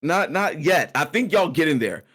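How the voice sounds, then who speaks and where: A man's voice: on the high side, very animated, moderate pace, a bit bright, breathy edge, voice pushed up, exaggerated voice. A man voicing a boastful, seasoned male innkeeper who talks in a drawling way and calls everyone y'all.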